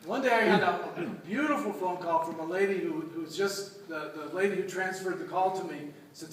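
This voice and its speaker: A man with a high voice gives a storytelling homily as a deacon. He is recorded from a distance in a church, and his voice carries a heavy echo. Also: a little fast, slight background noise. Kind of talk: sermon. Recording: echoey church from far off.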